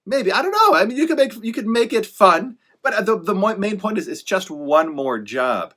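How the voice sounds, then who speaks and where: A man's voice: high voice, big pitch swings, normal speed, sharp tone. A man giving casual motivational advice to writers, rambling and correcting himself as he goes, emphatic and encouraging with sarcastic asides. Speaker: author giving writing advice.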